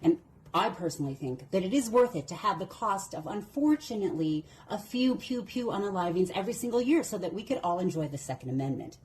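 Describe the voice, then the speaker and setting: A woman's voice: mid-range voice, big pitch swings, a little fast, darkish tone, a little hiss or hum. A woman giving sarcastic, mocking reaction commentary.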